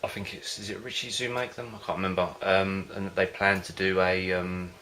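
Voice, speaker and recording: A home-brewing vlogger chats casually to camera in a low, steady voice that stays in a narrow range, with a bright, forward tone at normal speed. He rambles, hesitates and loses his thread. There's a little hiss or hum.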